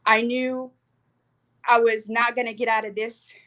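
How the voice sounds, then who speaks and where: A woman's voice: a little high, flat delivery, measured pace, fairly bright tone. Young woman with a South Sudanese accent. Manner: earnest, hesitant with many fillers. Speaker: panel speaker. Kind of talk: personal storytelling.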